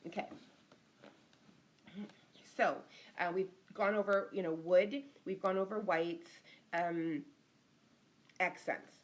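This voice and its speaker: A woman's voice: on the low side, steady tone, slow, pauses often. A middle-aged woman, an interior designer, giving a casual live-stream lesson, chatting and greeting viewers by name as she goes.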